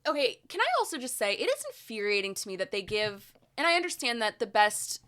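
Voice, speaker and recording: Lively, bright-voiced young woman co-host. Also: medium pitch, fairly quick. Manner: chatty, opinionated, many restarts and "like"s. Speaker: podcast co-host. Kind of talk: casual chat.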